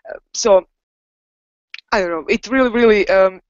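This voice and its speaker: A woman talks in a casual discussion, pausing often on fillers. Her voice sits in a middle range and the sound is dry and a little dull. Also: medium pitch, clear, resonant tone, no room sound. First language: Croatian. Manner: hesitant, many fillers.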